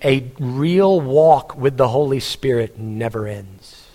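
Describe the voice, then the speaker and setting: A man's voice: medium pitch, animated, slow pace, mellow. A pastor preaching a sermon in a church hall, earnest and humorous, speaking straight to his congregation. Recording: long church hall reverb.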